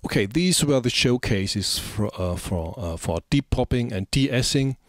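In this screen-recorded tutorial on music software, a man speaks haltingly and slowly, dropping frequent ums and uhs. His voice is on the lower side, and the audio sounds close and dry with no echo or room.

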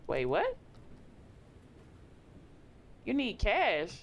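A horror game streamer giving let's play commentary, talking to themself and jumping into sudden high-pitched yelps. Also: animated, normal speed, a little hiss or hum. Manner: talks to themself, reads game text aloud.

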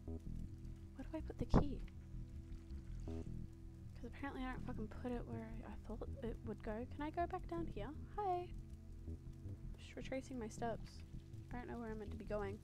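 A young woman giving live gameplay commentary as a streamer, excitable, swearing freely and exclaiming at what she sees. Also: fairly high pitch, moderate pace, pauses often. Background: game music.

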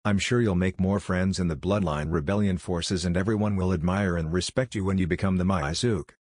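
A man's voice: low voice, fairly quick, darkish tone, dry recording, studio quality. A man reading the part of a kind, confident young male ninja leader who speaks earnestly and persuasively. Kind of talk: audiobook reading of fan fiction.

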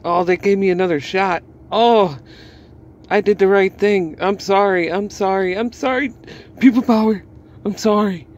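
A man putting on a high, whining voice for a woman wrestler who cries and begs, in a mocking way. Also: normal speed, dull audio, a little hiss or hum, lightly acted. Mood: pleading. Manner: exaggerated mocking whine. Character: whiny pleading woman wrestler, crying and begging.

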